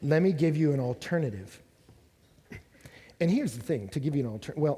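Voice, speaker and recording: A man's voice: on the high side, lively intonation, a little fast, mellow. A man preaching a sermon at a college ministry gathering, telling stories and asking rhetorical questions in a conversational way. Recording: long reverb of a large hall.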